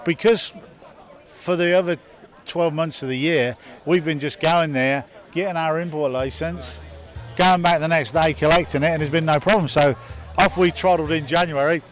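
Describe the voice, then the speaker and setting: A man's voice: a little high, steady tone, normal speed, some chatter behind. A man talking casually about his business in an interview, telling anecdotes. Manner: chatty, anecdotal. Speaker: business owner interviewed at an event.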